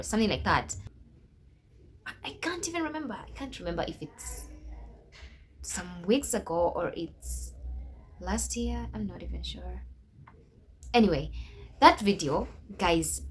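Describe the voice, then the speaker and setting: A woman's voice: medium pitch, slight background noise. A young adult woman vlogger telling a story to camera in a casual, emphatic way, with religious exclamations.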